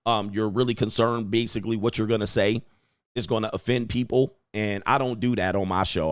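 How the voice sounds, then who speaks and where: A man's voice: on the low side, fairly quick, clean tone, no echo, studio quality. A man hosting a livestream commentary show, talking bluntly and emphatically and repeating his points for weight. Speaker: host.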